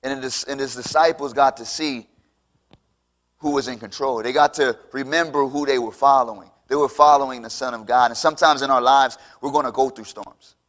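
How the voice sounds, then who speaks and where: A man's voice: medium pitch, steady tone, normal speed, a bit bright. A man preaching a conversational sermon, acting out the dialogue of the story. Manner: conversational, acts out biblical dialogue.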